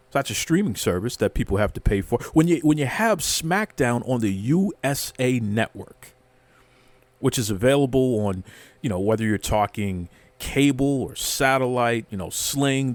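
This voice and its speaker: Male host, sarcastic mock-outrage rant, animated pitch, dry close sound. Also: no room sound. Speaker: wrestling commentary host.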